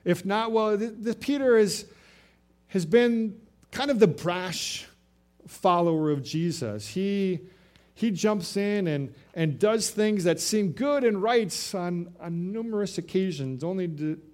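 A man preaching a sermon, telling a story in an animated way that swings from loud to soft. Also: sits high, slow. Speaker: pastor.

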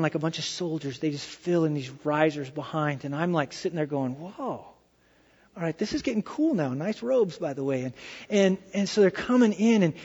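Animated high-voiced preacher in a big hall. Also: male voice, breathy edge, lo-fi sound. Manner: animated storytelling, drops to hushed tones. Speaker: pastor. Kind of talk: sermon with personal story.

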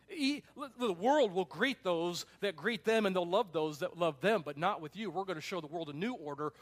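A pastor preaching a sermon, emphatic, swinging between loud passages and quiet ones. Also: male voice, on the high side.

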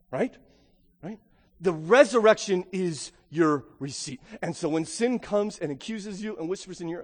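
High-voiced man preaching in a reverberant hall. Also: expressive, unhurried. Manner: emphatic, rhetorical questions, frequent "right?". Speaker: pastor. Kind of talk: Easter sermon preaching.

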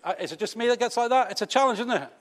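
A man's voice: extremely high pitch, lively intonation, very fast, a bit bright. A British man preaching a sermon to his congregation in a conversational, teasing way, full of rhetorical questions. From Britain. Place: church hall. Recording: long reverb of a church hall.

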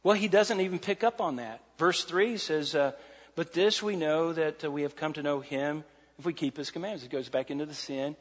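A man preaching a sermon as pastor, animated and repeating key phrases for emphasis. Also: a little high, fairly quick, husky. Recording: muffled sound in a large reverberant hall.

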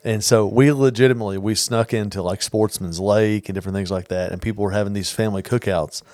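A man co-hosting a casual podcast chat, telling stories in an earnest, animated way. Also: on the low side, quick pace, no room sound. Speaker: podcast co-host.

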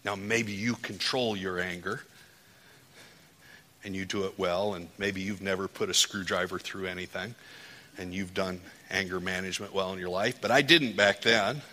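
A man's voice: low voice, steady tone, normal speed, pushed and bright. A man preaching a sermon, telling his own story and building to fervent, insistent appeals. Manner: testimony building to impassioned, rising preaching. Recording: hall with long reverb.

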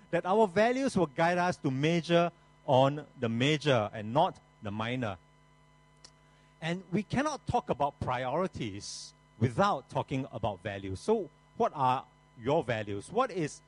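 A man's voice: on the high side, very animated, measured pace, low-quality recording. A male pastor preaching a sermon in a slightly raised voice that swings widely up and down. He keeps a folksy tone and turns often to the congregation with joking asides.

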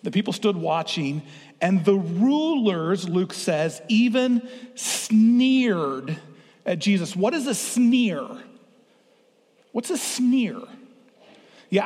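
A man's voice: high-pitched, a little mellow. A middle-aged man preaching a sermon as pastor, playful and drawing the congregation into the reading. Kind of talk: interactive sermon. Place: church sanctuary. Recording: long hall reverb.

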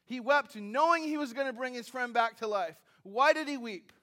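Man, high-pitched, sermon, conversational preaching, wry asides, repeated phrases. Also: moderate pace, sharp tone. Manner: conversational preaching with asides and self-deprecating humor; repeats phrases and restarts while building points. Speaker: pastor.

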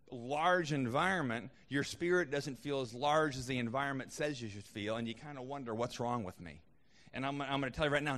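A man's voice: mid-range voice, fairly bright tone, long reverb tail. A man preaching a sermon as a pastor, conversational, with frequent restarts and fillers.

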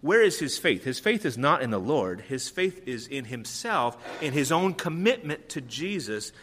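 A man's voice: medium pitch, big pitch swings, moderate pace, fairly bright tone. A middle-aged man preaching a sermon as pastor, conversational with frequent ums, acting out quoted lines. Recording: long reverb of a large hall.

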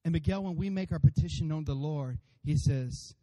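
A pastor preaching a sermon to his congregation, animated and playful, acting out voices and calling for amens. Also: fairly high pitch, fairly quick. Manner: animated, acts out funny voices for God and congregants; addresses congregation by name, calls for amens.

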